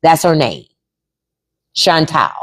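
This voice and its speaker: Blunt, lively-voiced woman livestreamer. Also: deep voice, takes it slowly, husky. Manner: blunt, profane, repeats herself for emphasis; reads out chat and spells names. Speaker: podcast host. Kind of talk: casual live-stream chat.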